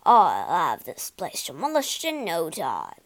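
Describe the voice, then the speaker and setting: A woman voicing a boastful, booming man in a storybook reading, loud and brash. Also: wildly swooping pitch, takes it slowly, full character voice. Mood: blustering.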